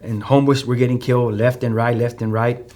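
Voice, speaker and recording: A man's voice: mid-range voice, little pitch movement, a little fast, warm tone. A man with a Chicano English accent, a guest telling a personal testimony in a loose, storytelling way, with many fillers and restarts. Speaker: podcast guest.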